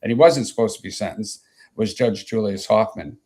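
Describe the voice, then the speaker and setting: A man's voice: on the low side, moderate pace, darkish tone. A man in his sixties from Chicago telling long stories as an interview guest, rambling with many fillers and asides. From Chicago, USA. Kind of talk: anecdotal storytelling in an interview.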